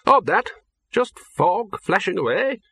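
A hearty, booming old archchancellor wizard, as a male narrator puts him on, full of blunt clipped remarks. The voice is pitched well up, bright and a little husky, dry and close in an audiobook reading. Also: sing-song, takes it slowly, no room sound, heavily acted. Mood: brisk.

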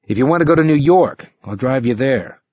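A man's voice: mid-range voice, animated, brisk, a little mellow, no echo, close to an everyday voice. A man voicing a grim, exhausted male driver who answers in short, muttered lines. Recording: slightly muffled recording.

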